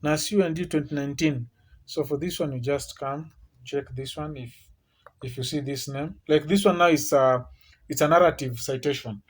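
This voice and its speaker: A man's voice: fairly high pitch, moderate pace. A man giving a screen-share tutorial on academic writing, explaining step by step with many restarts and tag questions like "eh?" and "okay?".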